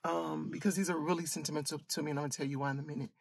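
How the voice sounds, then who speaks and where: Hosting a casual storytime, this late-thirties woman from Michigan, who coaches women, talks in an earnest, candid way that loops back and repeats. She speaks very fast in a low, creaky voice with a steady tone, and a crowd can be heard behind her.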